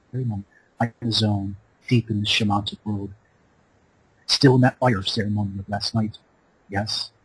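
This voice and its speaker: Raspy, low-voiced man preaching in incantations. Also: dry recording, low-quality recording. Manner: incantatory, repetitive, preaching cadence. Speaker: radio show host. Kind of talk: impassioned spiritual monologue. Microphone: Skype call.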